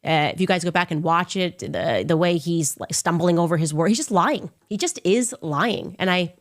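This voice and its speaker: A woman's voice: expressive, moderate pace. A woman hosting her own commentary show, talking in a combative, sarcastic way and mocking others in a raised voice. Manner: sarcastic, mocking impressions in a high voice; combative, emphatic. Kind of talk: opinionated commentary monologue.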